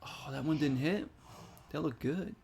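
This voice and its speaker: A man's voice: on the high side, a little slow, creaky, darkish tone, a little hiss or hum. A man giving casual, chatty commentary while playing a video game and reacting aloud to each shot. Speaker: gaming streamer.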